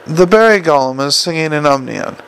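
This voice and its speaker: A man reading an audiobook and voicing a brisk, stubborn, matter-of-fact woman in a gravelly voice. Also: on the high side, lively intonation, fairly bright tone, rough recording. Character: brisk, stubborn, sharp-tongued adult woman. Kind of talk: audiobook character voice.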